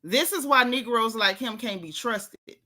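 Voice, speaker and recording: A woman's voice: fairly high pitch, lively intonation, measured pace, pushed and bright. A middle-aged woman, hosting a gossip commentary show in a sassy, emphatic way, talking straight to her viewers. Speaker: host.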